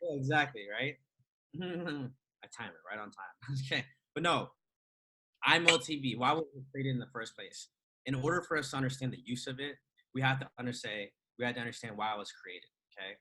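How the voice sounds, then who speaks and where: This is a man speaking at an ordinary, mid-range pitch, in a loose and conversational way. He teaches trading and talks with heavy emphasis, driving his points home with rhetorical questions and frequent laughter. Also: brisk, bright, forceful tone, low-quality recording. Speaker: trading educator. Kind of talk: casual motivational talk.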